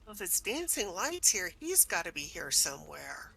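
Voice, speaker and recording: A woman's voice: on the low side, very animated, moderate pace, creaky, sharp tone, slightly rough, rough recording. A woman playing a tabletop role-playing game, playful and teasing, calling out to another character. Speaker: player.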